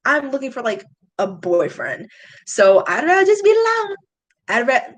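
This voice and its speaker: With a high voice that swings widely in pitch, a late-20s YouTube beauty vlogger talks at a moderate pace on a live stream, casually and emotionally confiding in her chat. The recording is low-quality.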